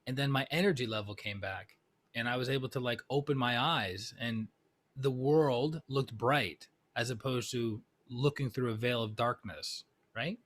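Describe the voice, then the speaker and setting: A man's voice: medium pitch, fairly bright tone. A middle-aged man, a spiritual teacher, telling a personal story in a conversational talk and often checking in with "right?". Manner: conversational, keeps asking "right?".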